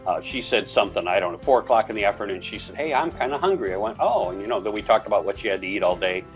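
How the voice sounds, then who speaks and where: A man's voice: fairly even intonation, rapid-fire, lo-fi sound, faint music behind. A man co-hosting a casual talk about relationships, telling anecdotes and acting out bits of dialogue. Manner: storytelling, acts out dialogue with big pitch jumps. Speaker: podcast co-host.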